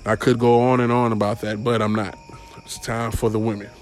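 A man's voice: on the low side, level tone, brisk. A young man hosting a casual solo podcast, rambling and stumbling over his words with frequent swearing. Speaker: podcast host.

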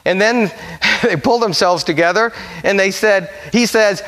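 A male pastor delivering a sermon, telling a story and slowing into soft, solemn phrases. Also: high voice. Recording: long church reverb.

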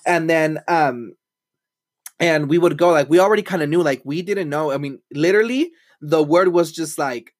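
A man's voice: a little high, a little fast, no echo, clean studio sound. A young man hosting a casual podcast, rambling with many fillers and dropping in Spanish phrases. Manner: rambling, lots of "like", mixes in Spanish. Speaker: podcast host. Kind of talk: casual chat.

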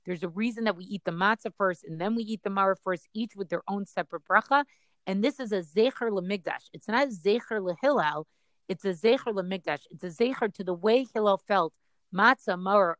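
A woman's voice: medium pitch, fairly quick, no echo. A woman reading an Aramaic Talmud passage aloud and explaining it in plain English. She checks in with her listeners often by asking "right?". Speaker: Talmud teacher.

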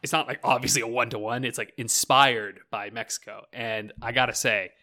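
A man's voice: mid-range voice, little pitch movement, brisk, pushed and bright. A man rambling about video games in a casual podcast chat, swearing freely, leaning on "like" and laughing often.

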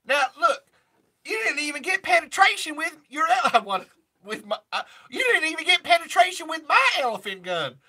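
A man plays a brassy country singer with a twang, pitched far up above his own voice and pushed out loud and bright. She is bossy and sassy, a tough single mom who won't back down. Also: big pitch swings, a little fast, full character voice.

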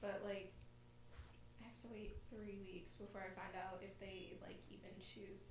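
A woman co-hosting a casual podcast chat, soft-spoken and quick to laugh. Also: mid-range voice, level tone, reverberant, distant mic, background noise. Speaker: podcast co-host.

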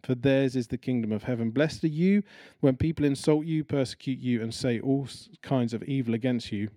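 A man delivering a sermon in a relaxed, chatty manner, slipping into voices to act out the story. His voice sits at an ordinary middle pitch with a mellow, warm tone. The sound is dry and close, with no room echo. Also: a little fast. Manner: conversational, animated storytelling with acted-out quotes. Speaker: preacher.

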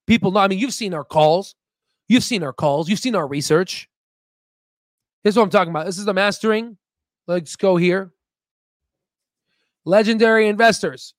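A man hosting a stock market video in casual screen-share commentary, rambling and repeating himself, emphatic and excitable as he promotes his own work. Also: sits high, moderate pace, pauses often, no echo, clean studio sound.

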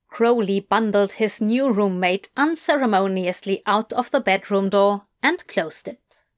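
A woman narrating a romance story in an unhurried, expressive reading voice. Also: medium pitch. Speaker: story reader. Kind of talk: audiobook narration of fan fiction.

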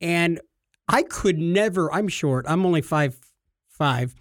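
His voice is a bit high, and he takes his time, captured in clean studio sound with no echo. He co-hosts a podcast, relating stories conversationally and animatedly playing the parts of the people he quotes.

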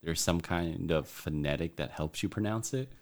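A man's voice: deep voice, normal speed, a little mellow. A man co-hosting a casual podcast, joking, swearing freely and laughing often. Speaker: podcast co-host.

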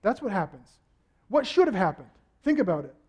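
Animated high-voiced male pastor preaching. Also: fairly quick. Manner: animated, acts out quotes with rising shouts. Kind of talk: sermon.

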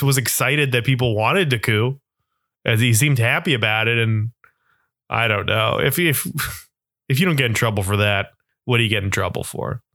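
A man's voice: medium pitch, pushed and bright, no echo, clean studio sound. A man in a casual, profane political rant, sarcastic and often laughing.

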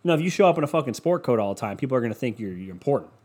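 Rambling, profane man with a lively voice. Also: mid-range voice, rapid-fire. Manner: rambling, profane, self-deprecating. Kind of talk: casual solo monologue.

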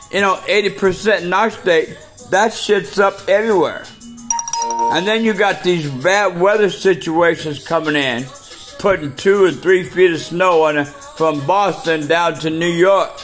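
A man's voice: sits high, fairly bright tone. A man delivering a profane, preachy rant full of rhetorical questions. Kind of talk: ranting monologue.

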